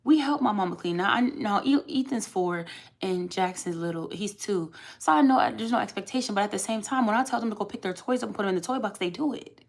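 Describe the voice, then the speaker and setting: A woman's voice: mid-range voice, fast, gravelly. A young adult woman from the United States venting candidly to her live-stream chat and talking back to commenters. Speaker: vlogger.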